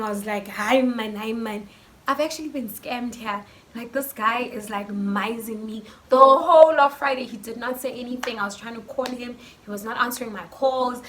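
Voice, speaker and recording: A South African woman telling a story in a casual vlog, chatty and animated with lots of fillers, filmed on her phone. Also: fairly high pitch. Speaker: YouTuber. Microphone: phone camera. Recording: faint background noise from phone mic.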